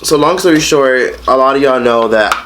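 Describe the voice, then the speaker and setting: A man talks through a casual home mukbang in a blunt, expressive voice at an ordinary pitch, cursing freely as he goes. Dishes and utensils clatter clearly behind him. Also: normal speed, slight background noise. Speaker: vlogger. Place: at home eating a meal.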